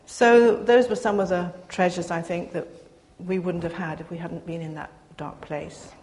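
An older woman giving a personal testimony to a gathering, speaking earnestly with pauses and restarts. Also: fairly low pitch, fairly even intonation, darkish tone. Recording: reverberant hall, faint background noise.

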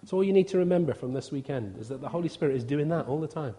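A man's voice: a little high, expressive, racing, dark tone. A man, a visiting preacher giving an informal, humorous sermon and acting out quotes. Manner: chatty, humorous, acts out quotes.

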